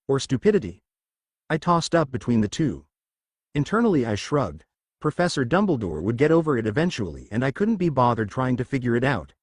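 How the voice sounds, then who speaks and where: A man narrating a humorous fan fiction story in a lively reading voice. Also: medium pitch, no echo, studio quality.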